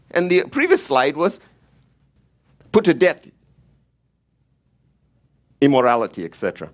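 A man teaching the Bible in a church, emphatic and repeating key words, often rising when he stresses a point. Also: on the high side.

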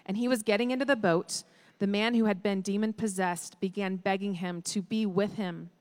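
A woman giving a steady, measured scripture reading. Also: medium pitch. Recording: echoey hall.

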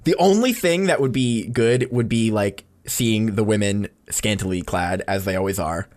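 A man co-hosting a casual podcast chat, telling stories with lively swearing. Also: on the low side, normal speed. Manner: animated storytelling, swears freely. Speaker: podcast co-host.

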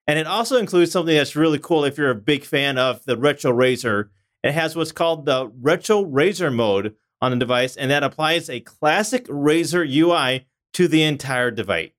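A man's voice: fairly high pitch, expressive, normal speed, a bit bright. A man co-hosting a tech podcast, reading out news items with playful sarcasm. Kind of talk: casual podcast chat.

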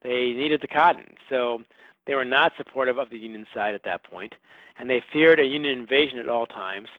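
Answering interview questions as the author guest, this man talks briskly at medium pitch, narrating history with wry storytelling flair. There's no room sound, and the line is phone-like.

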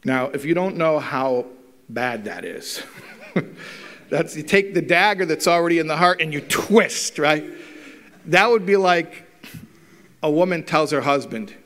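A man's voice: fairly high pitch, unhurried, pauses often. A middle-aged man giving a talk to a live audience, telling stories with wry humour and acting out the dialogue. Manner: animated storyteller, acts out dialogue.

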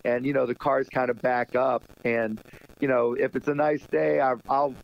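A man's voice: medium pitch, level tone, moderate pace, gravelly. A middle-aged man guesting on a radio show, telling rambling stories with lots of laughs and "you know". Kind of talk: casual radio interview chat. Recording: dull lo-fi sound.

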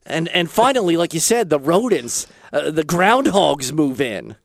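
A man's voice: a little high, sing-song, measured pace, creaky, no echo, clean studio sound. A man hosting a talk show in casual chat, rambling and joking, drifting into preachy asides.

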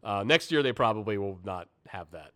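A man's voice: fairly low pitch, expressive, brisk, bright, forceful tone, no room sound. A man co-hosting a podcast in casual, rambling chat, joking and laughing often. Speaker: podcast co-host and editor.

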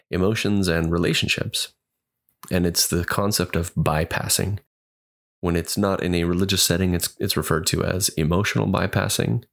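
A man's voice: low-pitched, creaky. A man hosting a solo podcast, talking in an earnest, thoughtful way and often restarting his sentences. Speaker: podcast host.

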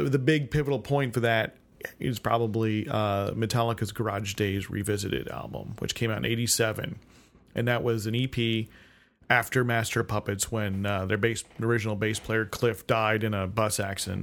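A man from the United States, co-hosting a podcast, chatting casually with lots of restarts and laughs. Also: lowish voice. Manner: rambling, many restarts and asides, laughs often. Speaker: podcast co-host. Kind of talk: casual conversation.

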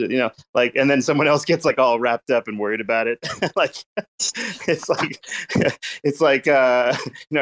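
A man's voice: medium pitch, moderate pace. A married man co-hosting a casual chat, rambling with many restarts and fillers. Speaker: co-host.

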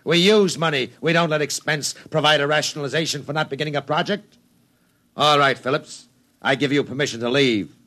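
An actor playing a domineering, ruthless business tycoon in a 1950s radio drama, giving curt, clipped orders. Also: male voice, fairly high pitch, fairly quick, sharp tone. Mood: commanding.

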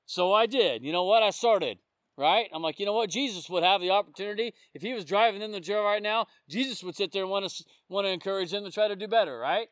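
High-voiced man preaching conversationally. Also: fairly quick, fairly bright tone, no room sound. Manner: conversational storytelling, often checking in with the listeners. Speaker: police officer sharing testimony. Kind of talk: informal sermon.

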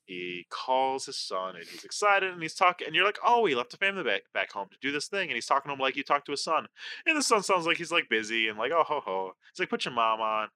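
A young man co-hosting a podcast, chatting casually and openly, animated and emotional. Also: on the high side, fast. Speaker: podcast co-host.

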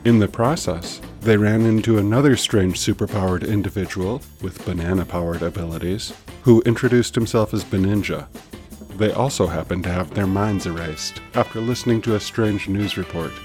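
A man's voice: on the low side, moderate pace, a little mellow. A man hosting and narrating a serialized story podcast in a playful, upbeat way. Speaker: host and narrator. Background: music.

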